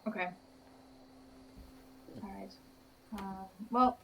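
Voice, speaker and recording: A woman playing a tabletop game, chatting casually in a lively manner. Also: fairly high pitch, measured pace, slight background noise. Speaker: player.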